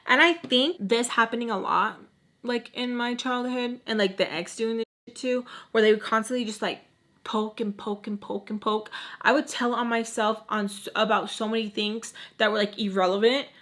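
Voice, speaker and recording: A woman's voice: fairly high pitch, normal speed. A woman casually telling a long personal story, acting out the quotes and dropping Spanish words, with frequent swearing and repeated phrases. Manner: animated, acts out quotes, drops Spanish words. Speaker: storytime vlogger.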